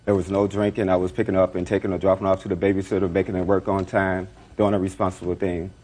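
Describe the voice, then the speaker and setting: Brief: deep-voiced male defendant, fast and rambling courtroom testimony. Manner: rambling, repeats himself, animated retelling.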